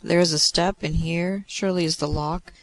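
A man's voice: on the high side, steady tone, normal speed, fairly bright tone, no echo, natural voice. A man doing a mischievous boy god of love. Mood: sneaking. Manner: playful, conspiratorial.

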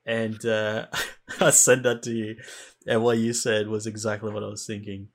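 A man's voice: on the low side, monotone, moderate pace. A man in casual gaming chat on a stream, laid-back, swearing casually and laughing often. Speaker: streamer co-host.

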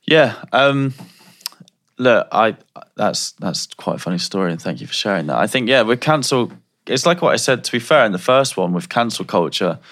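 Male podcast co-host, lowish voice, musing and hesitant. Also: expressive, moderate pace, a bit bright. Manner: conversational, musing, hesitant restarts. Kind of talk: casual podcast chat.

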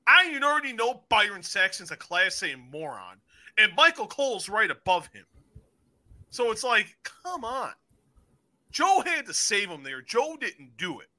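Excitable high-voiced male podcast host. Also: unhurried. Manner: excitable, swears freely, acts out stories. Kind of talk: casual wrestling review chat.

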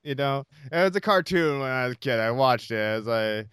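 A man in his thirties chatting casually as a podcast host, playful and quick to slip into impressions. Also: medium pitch, animated, fairly bright tone, clear, resonant tone, no echo, studio quality. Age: 30s. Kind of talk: casual chat.

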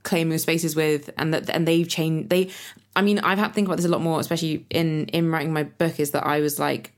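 A woman's voice: deep voice, steady tone, fairly quick. A woman co-hosting a podcast, speaking reflectively in casual conversation, with many fillers and restarts. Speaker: podcast co-host and author.

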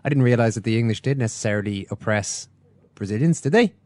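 An Irishman hosts a sports podcast in an easy, wry tone, with mid-range pitch. The studio sound is dry and close. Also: animated, quick pace, a little mellow, no room sound. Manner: wry, amused. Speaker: podcast host. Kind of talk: casual sports chat.

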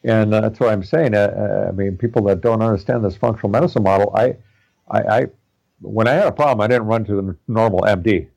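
Low-voiced man rambling warmly. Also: fast talker, vocal fry, low-quality recording. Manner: rambling, many fillers and restarts. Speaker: guest, practitioner studying naturopathy. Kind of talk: casual interview chat.

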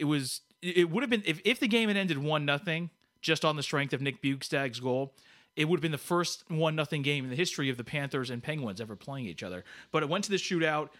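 A man's voice: a little high, brisk, fairly bright tone. A man co-hosting a podcast, chatty and teasing, with many restarts. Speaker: podcast co-host. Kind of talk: podcast talk.

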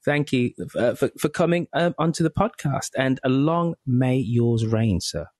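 A British man hosting a podcast, wrapping up an interview in a chatty, halting way with lots of fillers and repeated words. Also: mid-range voice, a little mellow, no room sound. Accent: British English. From England. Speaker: podcast host. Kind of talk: casual interview wrap-up.

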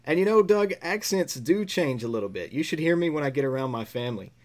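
A man's voice: fairly high pitch, animated, quick pace, darkish tone. A man in casual chat, explaining his view in an easygoing way as a podcast co-host.

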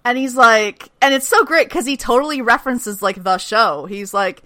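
A woman's voice: on the high side, moderate pace, dry recording. A woman co-hosting a podcast, casually recapping a TV episode with profanity and acted-out lines. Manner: animated, profane, mimics characters' lines. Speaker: podcast co-host recapping a TV show.

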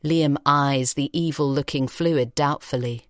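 A woman reading an audiobook story in a measured, expressive way in a recording studio. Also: rumbling low, dry recording. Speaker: audiobook narrator. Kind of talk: scripted narration. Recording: dry studio sound.

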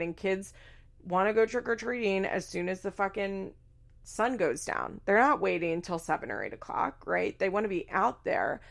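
A woman's voice: mid-range voice, creaky. A woman hosting a casual recap, speaking bluntly, swearing freely and acting out quoted lines. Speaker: podcast host recapping a reality show. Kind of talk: casual commentary.

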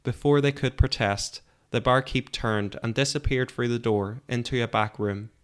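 A man narrating a fantasy story in a calm, measured audiobook style. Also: medium pitch, smooth.

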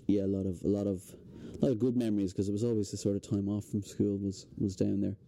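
A young Irish man, a guest on a podcast, telling relaxed stories in casual chat. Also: fairly low pitch, fast talker, creaky, slight background noise. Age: young adult. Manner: relaxed storytelling with fillers. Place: indoors, hotel podcast setting.

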